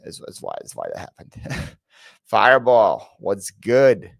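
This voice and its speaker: A man's voice: on the low side, very animated, takes it slowly, vocal fry, dry recording. A man hosting a live question-and-answer stream from his home setup, chatting casually, greeting viewers by name and telling rambling stories with lots of fillers. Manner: rambling storyteller, reads chat names aloud, frequent fillers and restarts. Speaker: reseller YouTuber hosting a live Q&A.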